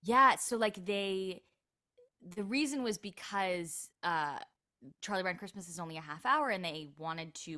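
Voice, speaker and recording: A young actress talks as a podcast guest. Her voice sits low but has a bright, forward edge. She rambles happily and scatters "like" through every sentence. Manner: chatty, lots of "like" fillers. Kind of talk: casual interview chat.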